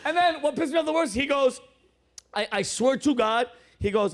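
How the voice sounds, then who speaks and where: A male comedian hosting a show, telling stories in a casual chat with loud, animated acted-out quotes. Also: very high-pitched, brisk. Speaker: comedian host.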